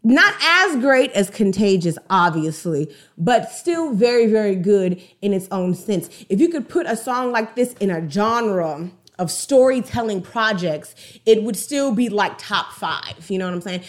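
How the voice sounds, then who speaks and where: A woman giving casual, slangy music commentary in an animated way, retelling a song's story. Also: mid-range voice, measured pace. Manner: animated, slangy, acts out song dialogue.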